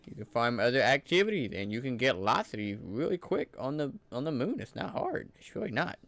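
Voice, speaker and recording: Lively excited gamer man, dry close mic. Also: mid-range voice, fairly quick, no room sound. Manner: enthusiastic, loose and conversational, fillers like "like". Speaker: gaming channel creator. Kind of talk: casual gameplay commentary.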